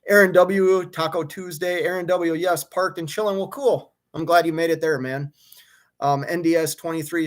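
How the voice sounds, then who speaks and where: A young man who drives his own truck rants on a live stream from a hotel room, his voice set a bit high for a man. He sounds fed up and worked up, tripping over restarts as he vents, then settles into chatting with viewers. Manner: frustrated, fired up, venting with many restarts. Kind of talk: live stream rant and chat reading.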